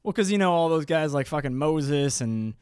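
A man co-hosting a casual podcast, talking in an animated way and slipping into silly high impressions. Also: normal speed, clean tone, dry recording, clean studio sound. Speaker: podcast co-host. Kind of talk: casual chat.

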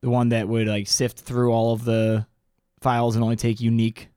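A man's voice: mid-range voice, completely flat delivery, normal speed, warm tone, smooth, dry recording, clean studio sound. A man co-hosting a casual podcast, joking and telling the story in a laid-back way. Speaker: podcast co-host. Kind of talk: casual chat.

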